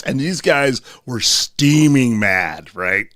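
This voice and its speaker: A firefighter telling stories in casual podcast chat, acting out the quotes. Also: male voice, medium pitch, unhurried, hardly any pauses, dry recording, clean studio sound. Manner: animated storyteller, acts out quotes.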